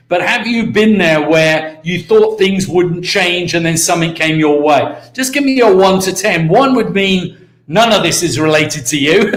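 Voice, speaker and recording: High-voiced British motivational speaker. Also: male voice, echoey room. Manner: energetic, repeats key words, calls out to viewers. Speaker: network marketing mentor hosting a live stream. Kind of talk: motivational live talk.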